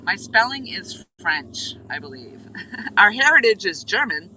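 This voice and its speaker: A woman's voice: medium pitch, sing-song, unhurried, pushed and bright, a little hiss or hum, rough recording. A woman from New Hampshire hosting a casual live stream while fishing, rambling through stories and greeting viewers by name. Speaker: livestream host. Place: outdoors on a riverbank, fishing.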